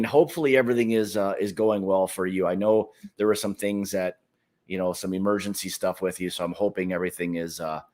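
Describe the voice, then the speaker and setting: A man hosting a whiskey club livestream in a casual, easygoing chat, greeting viewers by name and talking with plenty of fillers. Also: low voice.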